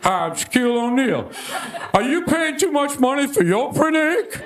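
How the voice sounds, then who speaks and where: A man impersonating a towering, smug male celebrity selling products in a TV ad, with a smooth salesy delivery. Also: extremely high pitch, big pitch swings, normal speed, fairly bright tone, heavily acted, poor audio.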